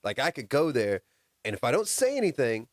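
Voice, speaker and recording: A man co-hosting a casual podcast, animated and quick to laugh as he tells stories. His voice sits at a middle pitch. He is recorded in a dry, close setting. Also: no room sound. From United States. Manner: laughs often, animated storytelling. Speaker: podcast co-host. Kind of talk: casual chat.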